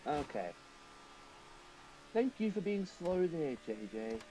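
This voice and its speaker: Chatty male game streamer, mellow voice. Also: on the high side, big pitch swings, slow pace, slight background noise, rough recording. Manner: chatty, thinking aloud, talks to chat. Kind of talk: casual live commentary while racing.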